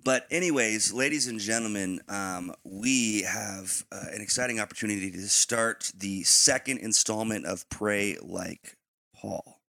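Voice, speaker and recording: Raspy-voiced man hosting a faith podcast. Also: on the low side, unhurried, pushed and bright, no room sound. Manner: rambling, informal, with fillers. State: slightly raspy morning voice. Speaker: podcast co-host. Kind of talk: casual chat.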